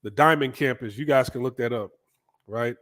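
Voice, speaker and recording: A man from the United States casually telling a story in an animated, profane way, often checking in with the listener. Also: medium pitch, normal speed. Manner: animated, profane, frequent "right?" asides. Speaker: vlogger.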